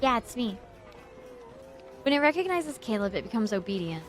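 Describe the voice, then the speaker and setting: A young woman streaming a game, gushing and stammering with excitement as she reads the story aloud at a desk microphone. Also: a little high, moderate pace, faint music behind. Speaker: VTuber streamer. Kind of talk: game playthrough with reaction and read-aloud narration.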